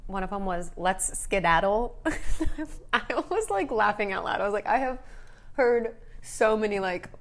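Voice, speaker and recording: A woman's voice: medium pitch, animated, normal speed. A young woman co-hosting a casual eating video, chatting and giggling a lot, with many filler "likes". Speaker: co-host. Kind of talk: casual chat while eating. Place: indoors, on a couch.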